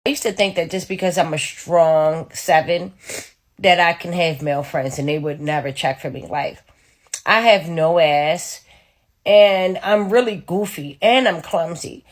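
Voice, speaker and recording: A woman's voice: lowish voice, unhurried. Woman giving a blunt, self-deprecating take. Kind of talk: candid talking-head confession.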